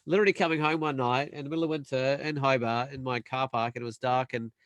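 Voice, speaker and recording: A young man telling a long, animated story in casual chat, acting out the other people's voices. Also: medium pitch, smooth, no echo. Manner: animated storyteller, acts out quoted voices, quick bursts. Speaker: panel guest.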